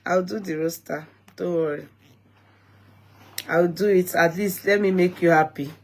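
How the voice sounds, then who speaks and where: A woman's voice: fairly low pitch, fairly even intonation, measured pace. Tired Nigerian woman hosting a live chat. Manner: chatty, repetitive greetings, mixes in Pidgin. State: tired, yawning. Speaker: live-stream host. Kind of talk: casual live-stream chat.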